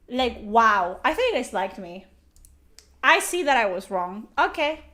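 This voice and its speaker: A woman with a high-pitched voice hosts a casual live stream. She swears freely and teases her viewers with mock offense. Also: lively intonation, normal speed, pushed and bright. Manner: profane, teasing and mock-offended.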